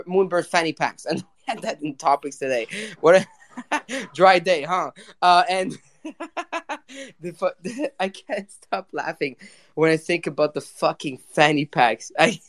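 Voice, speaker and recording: A man hosting a casual live audio chat, excitable and rambling, often breaking into giggles. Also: fairly high pitch. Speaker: podcast host.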